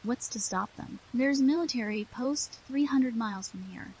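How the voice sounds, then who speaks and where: A woman's voice: fairly high pitch, normal speed, darkish tone, slight background noise, lightly acted, poor audio. A woman reading an anxious earnest young wanderer.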